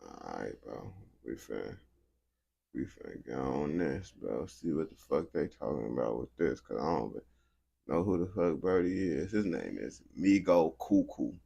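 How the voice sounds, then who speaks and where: An American man hosting a reaction video, talking in a slangy, profane, animated way. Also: very deep voice, normal speed, gravelly, husky. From United States. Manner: slangy, animated, swears constantly. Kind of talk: profane casual reaction commentary.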